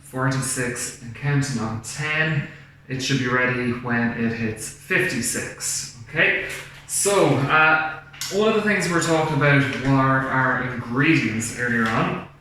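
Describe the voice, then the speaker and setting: A man's voice: mid-range voice, bright, forceful tone. Man, teacher, cooking lesson for kids, very echoey kitchen, faint hum. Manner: slow, clear, encouraging, asks children questions. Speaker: primary school teacher. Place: home kitchen. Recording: very echoey room, faint background noise.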